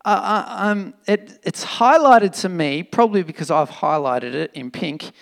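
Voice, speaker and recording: A man preaching a sermon in an animated, emphatic, conversational way, with fillers and restarts. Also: high-pitched, measured pace, vocal fry. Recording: long reverb of a hall.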